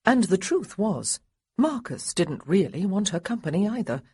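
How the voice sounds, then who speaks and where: A woman narrating a historical romance audiobook in an expressive way, lightly voicing the characters. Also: mid-range voice, normal speed, slightly rough, no echo. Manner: expressive, voices the boys lightly. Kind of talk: scripted narration.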